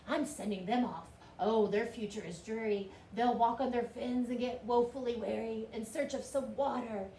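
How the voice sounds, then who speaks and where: A woman's voice: creaky, recorded from a distance, exaggerated voice. A woman voicing a small, grumpy male forest creature who scolds and coughs, in a storybook reading. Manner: scolding, high and loud, coughing. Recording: roomy with faint hiss.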